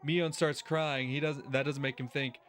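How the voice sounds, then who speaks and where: Exasperated, cursing let's-play host. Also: male voice, mid-range voice, flat delivery, moderate pace, a bit bright, slight background noise. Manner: exasperated, swears heavily. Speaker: gaming video host. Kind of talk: let's-play commentary, reading game text aloud.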